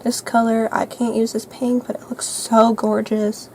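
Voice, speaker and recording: A teenage girl chatting casually through her makeup routine, rambling and thinking out loud. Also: fairly high pitch, level tone, a little slow, slight background noise, rough recording. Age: teens. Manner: rambling, self-narrating, thinking aloud; soft, light voice at times. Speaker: vlogger. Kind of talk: chatty makeup get-ready-with-me vlog.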